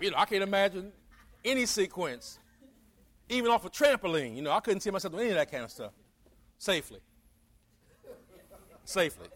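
A man with a notably high-pitched voice delivers a sermon. He keeps it conversational and folksy, often talking straight to his listeners and acting out what the people in his story say. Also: fairly bright tone. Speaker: preacher.

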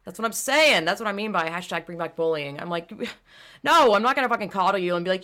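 Young woman, bright tone, blunt profane ranter in casual podcast chat. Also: medium pitch, fairly quick. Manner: blunt, profane, animated ranting.

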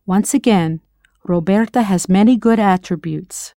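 A woman's voice: medium pitch, a little slow, warm tone, dry recording, studio quality. A woman narrating a scripted audio language lesson, quizzing the listener with playful questions. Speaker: language teacher.

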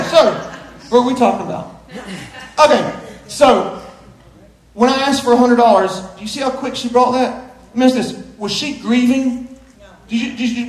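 A man preaching a sermon, folksy and playful, building to loud emphasis. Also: very high-pitched. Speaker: pastor. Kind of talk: sermon with live illustration. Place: church sanctuary. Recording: roomy church echo.

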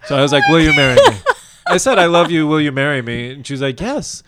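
A man's voice: fairly high pitch, quick pace, heavy background noise. A man telling a long personal story in a casual interview, rambling and self-deprecating, laughing often. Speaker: guest telling his proposal story. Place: lives in a large US city.

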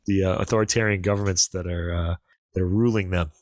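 A man co-hosting a casual podcast, chatting about classical recordings in a relaxed way with fillers and asides. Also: low-pitched, quick pace, dry recording, clean studio sound. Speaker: podcast co-host.

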